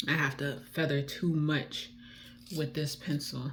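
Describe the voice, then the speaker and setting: Woman, D.C. accent, deep speaking voice, rambling beauty-vlog chatter with quiet muttered asides. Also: little pitch movement, a little slow, a little hiss or hum. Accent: Washington, D.C. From Washington, D.C. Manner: rambling, chatty, drifts off topic; soft muttered asides while applying lipstick. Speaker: beauty vlogger. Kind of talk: casual chat while doing makeup.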